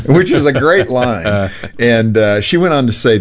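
Animated male radio host. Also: on the low side, moderate pace. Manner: animated, conversational, with asides. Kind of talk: radio talk show.

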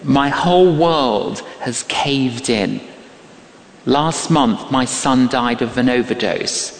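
Man voicing a grieving kind woman, soft-spoken, slow, echoey hall. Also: medium pitch, a little hiss or hum, pitched below the performer's own voice.

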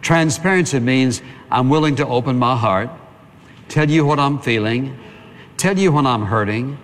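A man's voice: medium pitch, moderate pace. Man preaching in a reverberant room. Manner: plain-spoken and conversational, with repetition for emphasis. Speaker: pastor. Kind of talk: sermon.

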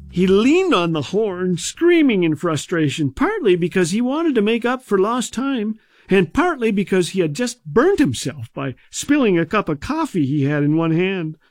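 A man's voice: sits high, darkish tone, dry recording. A man hosting a humor radio program, telling jokes and comic stories in a dry, scripted way. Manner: dry, joke-telling delivery. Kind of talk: scripted comedic storytelling.

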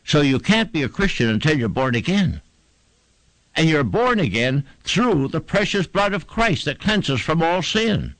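A man's voice: fairly high pitch, sing-song, normal speed, fairly bright tone, no room sound, rough recording. A man preaching a sermon, fervent and emphatic, building repeated phrases to a climax.

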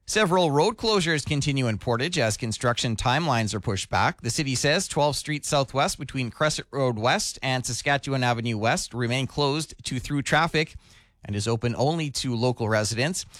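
Man, radio news anchor, measured scripted read, dry close sound. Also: medium pitch, dry recording. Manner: steady, measured news delivery. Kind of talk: scripted newscast reading.

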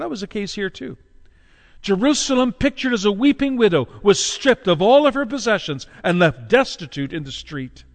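Dramatic preaching man in an echoing hall. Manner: dramatic, swings from loud cries to hushed low tones; slows down for emphasis. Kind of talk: sermon. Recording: long hall reverb.

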